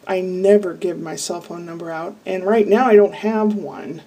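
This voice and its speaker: A woman from Iowa vlogs to camera in a casual, candid, diary-style monologue that rambles and wanders into asides. Her fairly low voice is warm and at normal speed, sitting a bit far from the mic.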